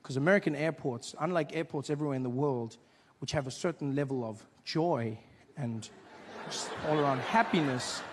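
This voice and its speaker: A man performing stand-up comedy on stage, telling a story in an animated way and acting out other people's voices. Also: a little high, a little hiss or hum. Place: on stage before a live audience.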